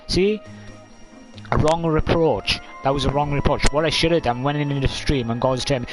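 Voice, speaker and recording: A man's voice: mid-range voice, fairly quick, poor audio. Rambling male streamer, mid-range voice, blunt and sweary, music playing behind. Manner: rambling, blunt, swears freely, chummy "mate". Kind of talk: casual rambling live-stream chat. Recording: talk over clear background music.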